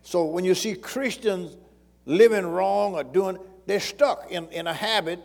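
High-pitched pastor preaching, keeps asking the crowd if they're with him, big echoey hall. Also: male voice, a little slow, vocal fry, darkish tone. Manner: preaching, calls to the congregation and repeats phrases. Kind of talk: sermon.

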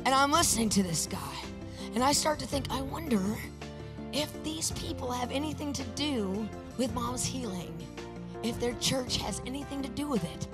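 A woman sharing a personal faith testimony, storytelling in an animated way and acting out the voices she quotes. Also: fairly high pitch. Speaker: Christian speaker sharing a testimony.

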